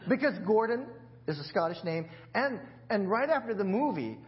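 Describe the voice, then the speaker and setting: A man's voice: high-pitched, sing-song, normal speed, highs cut off. A man preaching a sermon in a church, in a chatty, joking way with many restarts. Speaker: pastor.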